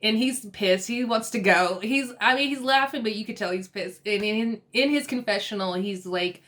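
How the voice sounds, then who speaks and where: A woman's voice: mid-range voice, normal speed. Laughing, chatty woman recapping a show. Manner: chatty, laughs often, acts out quotes in lively bursts. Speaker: TV recap vlogger. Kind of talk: casual episode recap.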